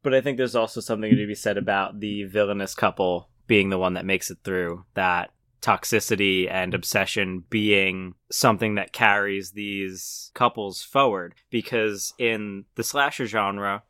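A man's voice: fairly low pitch, moderate pace, hardly any pauses, no room sound, clean studio sound. A man co-hosting a podcast, talking casually and analytically about horror films. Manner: relaxed, analytical, frequent "like". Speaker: podcast co-host.

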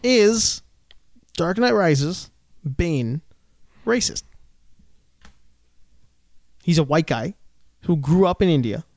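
A man co-hosting a casual podcast chat, animated and joking, often breaking into restarts. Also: on the high side, slow, long pauses, dry recording. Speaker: podcast co-host.

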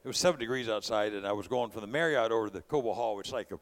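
A man's voice: lowish voice, racing. A man from California preaching a sermon, mixing conversational storytelling with impassioned calls to his congregation. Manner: preaching with rising bursts of volume.

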